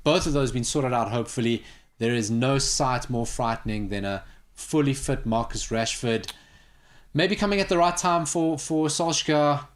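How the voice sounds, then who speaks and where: A man's voice: medium pitch, moderate pace. A man hosting a sports talk show, opinionated and sarcastic in casual banter. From South Africa.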